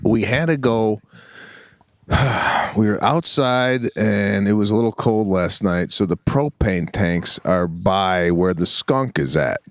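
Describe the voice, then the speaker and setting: A man co-hosting a comedy podcast, telling an animated story, acting out quotes and laughing often. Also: on the low side, slow, no room sound, clean studio sound. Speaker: co-host.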